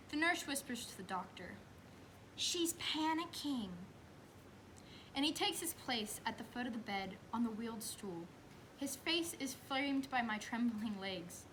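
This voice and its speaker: An anxious new mother speaks a stage monologue, as a young woman plays her. She talks slowly in a bright voice, swinging from hushed whispers to sudden bursts. A faint hiss sits under the voice. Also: fairly high pitch, exaggerated voice, poor audio. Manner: expressive, dropping to whispers. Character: anxious new mother recalling giving birth. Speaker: student actress. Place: school theater stage.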